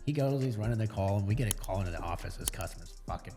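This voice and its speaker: A man talking shop on a podcast, telling stories quickly and swearing freely. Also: lowish voice, animated, over music. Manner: rapid, swearing storyteller. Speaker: HVAC business guest. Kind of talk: casual podcast conversation.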